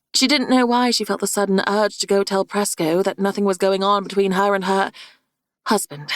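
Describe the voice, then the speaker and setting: A woman reads a fantasy audiobook at a steady, measured pace, her voice sitting at a middle pitch. The recording is dry and close, with no room sound around it. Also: no room sound. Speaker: audiobook narrator. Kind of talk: scripted narration.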